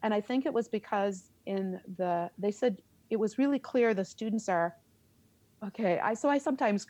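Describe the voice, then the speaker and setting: A middle-aged woman, a theater teacher, telling a story in an interview, animated and laughing as she acts out her reactions. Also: mid-range voice, moderate pace, dry recording.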